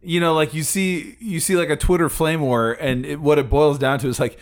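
A man's voice: on the high side, fairly even intonation, fairly quick. Wry mock-solemn podcast co-host man. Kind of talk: casual comedic podcast banter.

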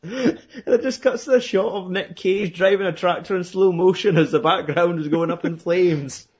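A man with a slightly high voice rambles through a film recap in casual chat. He swears freely and breaks into laughs as he acts out lines. The recording sounds muffled and lo-fi. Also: normal speed, slightly rough.

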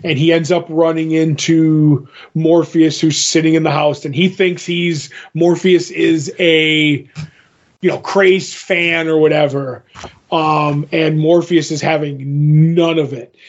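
A man's voice: a little high, level tone, takes it slowly. A man chatting casually as a podcast co-host, retelling a comic's plot in a rambling way full of ums and "he's like". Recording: dull lo-fi recording.

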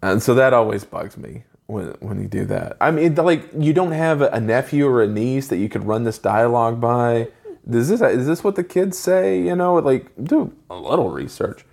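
Gravelly and darkish, this mid-range male voice is animated. He's in his forties, reviewing a movie in casual conversation with a co-host, ranting opinionatedly with quick asides.

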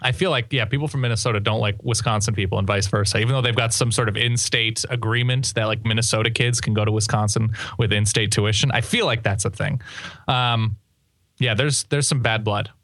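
A man's voice: on the low side, fairly even intonation, brisk, a bit bright, dry recording. A man co-hosting a casual sports podcast, talking in a laid-back, wry way. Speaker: podcast co-host.

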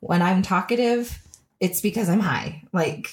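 A woman's voice: mid-range voice, a little slow, darkish tone, slight background noise. A woman hosting a podcast in casual chat, chatty and laughing often, with fillers. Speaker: podcast host.

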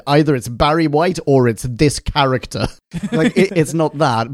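A man co-hosting a podcast in casual, animated, jokey chat, swearing now and then. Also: on the high side, normal speed, no echo, clean studio sound. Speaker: podcast co-host.

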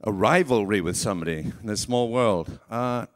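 A man's voice: fairly low pitch, normal speed. A man with a British accent, a voice actor answering audience questions live onstage, playful and self-deprecating. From England. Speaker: voice actor guest. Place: live convention stage.

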